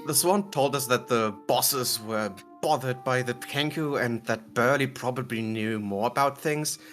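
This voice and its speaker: A man's voice: mid-range voice, fairly bright tone. A man recapping the last tabletop session in a giggly, rambling way, often correcting himself. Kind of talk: casual recap of a tabletop game.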